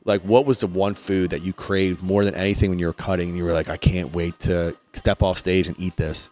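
A man's voice: sits low, level tone, fairly quick, darkish tone. A man hosting a casual podcast chat, joking and laughing often as he asks questions. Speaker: podcast host.

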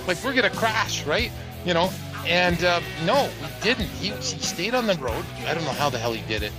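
A man, casually telling a long, animated anecdote on a podcast panel. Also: fairly high pitch, poor audio. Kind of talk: casual storytelling chat. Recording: music playing underneath.

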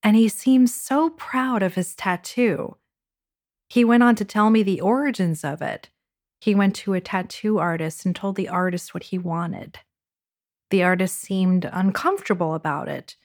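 A woman hosting a podcast, narrating a personal dating story with intimate hushed passages and wry, sarcastic asides. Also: mid-range voice, unhurried. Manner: intimate, dropping to a hushed whisper for racy moments. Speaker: podcast host.

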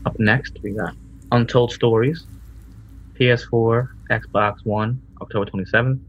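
A man's voice: medium pitch, steady tone, unhurried, breathy edge. A laid-back man co-hosting a podcast, slangy and casual, reading game listings. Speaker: podcast co-host. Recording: dull lo-fi recording.

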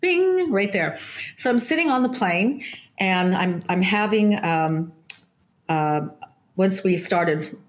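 A woman telling a casual anecdote in an animated way, restarting sentences often and acting out other people's voices. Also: mid-range voice, slow.

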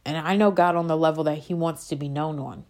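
Her low, darkish voice moves at a quick pace with fairly even intonation. In a casual spiritual monologue, this faith vlogger speaks with passion, rambling and interrupting herself as she gets worked up.

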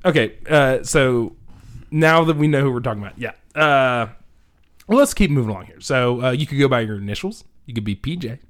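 A man's voice: medium pitch, expressive, a little fast, soft background music. A man co-hosting a casual podcast chat, joking around and reading items off a list, with the hiccups. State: has the hiccups. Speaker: podcast co-host.

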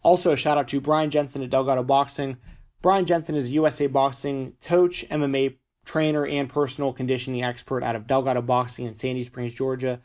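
A man's voice: mid-range voice, level tone, brisk, darkish tone. A man hosting a podcast, reading sponsor plugs in a chatty, casual way, stumbling over his words as his voice gives out. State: losing his voice. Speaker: podcast host.

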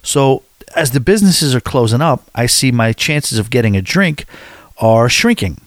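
A man's voice: mid-range voice, animated, normal speed, no room sound. A man from the United States telling a travel story to his viewers in a casual, rambling, candid way.

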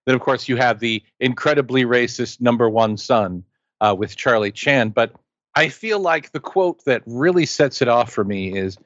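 A man's voice: mid-range voice, normal speed, fairly bright tone, no room sound, dull audio. A man co-hosting a casual movie chat, enthusiastic and rambling, with playful asides. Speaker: podcast co-host.

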